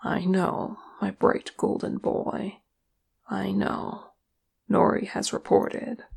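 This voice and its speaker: A soft, tender mother figure who soothes her grown sons, as a reader puts her on in a storybook reading. She talks slowly, with a gravelly fry under her hushed voice. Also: medium pitch, steady tone. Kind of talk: audiobook reading of fan fiction.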